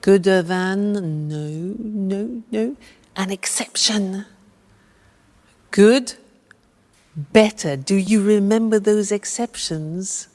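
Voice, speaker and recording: A woman's voice: medium pitch, very slow, long pauses, a little mellow. A woman presenting an English lesson, speaking carefully and patiently as she drills grammar forms with the viewer. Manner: patient, over-enunciated, prompting. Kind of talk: slow, drilled language lesson. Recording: long reverb.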